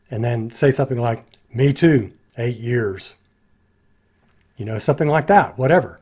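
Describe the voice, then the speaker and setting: Animated man picking apart a film. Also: mid-range voice. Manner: animated, critical, acts out lines in voices. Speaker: movie reviewer. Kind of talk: casual spoken film critique.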